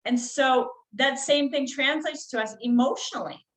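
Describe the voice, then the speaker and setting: A woman with a somewhat high voice speaks as a guest on a podcast. She tells a personal story in a loose, conversational way. Her talk is full of "like" and "you know". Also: normal speed, a bit bright, reverberant, poor audio. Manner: chatty, frequent "like" and "you know" fillers.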